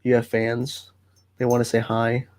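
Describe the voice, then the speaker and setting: Man hosting a livestream, laid-back and chatty, dry close sound, pitch right in the middle. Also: a little slow, no room sound. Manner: relaxed, chatty, reads viewer comments aloud and answers them. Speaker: livestream host. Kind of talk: casual livestream chat answering viewer comments. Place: at home.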